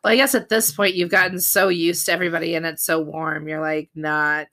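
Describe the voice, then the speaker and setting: Bright-voiced chatty woman podcast co-host. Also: low voice, flat delivery, fairly quick. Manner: chatty, many fillers, laughs easily. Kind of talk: casual chat recapping a reality show.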